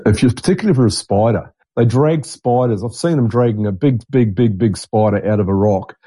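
A man's voice: medium pitch, a little fast, mellow, no echo. A middle-aged man, a podcast host talking in a rambling, blunt, digressive monologue. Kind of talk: casual monologue.

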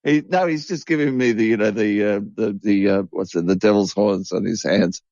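A man's voice: lowish voice, moderate pace, a little mellow, no echo, highs cut off. A man co-hosting a casual chat, joking crudely and restarting his sentences often. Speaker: podcast co-host.

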